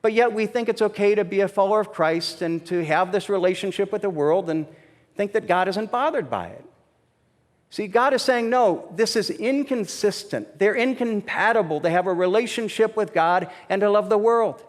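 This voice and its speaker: A man delivers a sermon in a conversational, storytelling way, stumbling over restarts and then pressing his points with emphasis. His voice sits high for a man. The sound carries the long reverb of a church hall. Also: moderate pace. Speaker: pastor. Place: church sanctuary.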